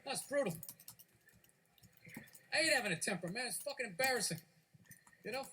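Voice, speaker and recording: Ranting profane male comedian, bright and high. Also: animated, moderate pace, slight background noise. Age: middle-aged. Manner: loud, profane ranting with shouted outbursts. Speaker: stand-up comedian. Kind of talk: stand-up comedy routine.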